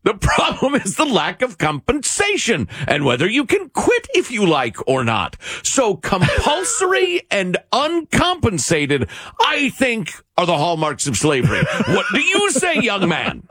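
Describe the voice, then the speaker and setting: A man co-hosting talk radio with heavy sarcasm and slow, mocking emphasis. His fairly high voice swings widely in pitch. The sound is dry and close, with no room at all. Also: wildly swooping pitch, a bit bright, slightly rough, no room sound. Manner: mocking, wry, drawn-out emphasis. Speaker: radio talk show co-host.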